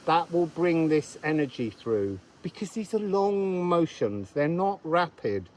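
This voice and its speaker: A man's voice: fairly high pitch, very animated, measured pace, darkish tone, poor audio. A man giving a casual, meandering astrology and card reading outdoors, thinking aloud as he goes.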